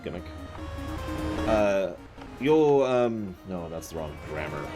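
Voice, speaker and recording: A man's voice: low voice, sing-song, takes it slowly. A man chatting casually with viewers while playing a game on a live stream, self-deprecating and prone to sudden outbursts. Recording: game music behind.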